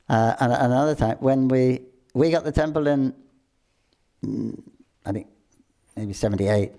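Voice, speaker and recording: An older man shares devotional temple stories in a relaxed, casual talk. He halts and restarts often, clears his throat and chuckles along the way. His voice is gravelly and mellow, at an ordinary pitch. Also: slow pace, pauses often.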